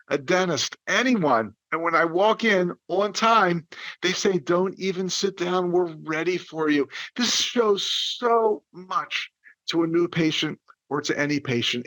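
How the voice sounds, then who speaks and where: A male dental coach hosting a podcast, talking in an energetic, playful way and acting out the lines he quotes. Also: a little high, no echo. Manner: animated, exaggerated, playful delivery with acted-out quotes.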